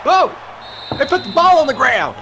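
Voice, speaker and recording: High-voiced guy cracking jokes as co-commentator, really bouncy delivery. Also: moderate pace. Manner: wisecracking, deadpan one-liners. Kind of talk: joking color commentary.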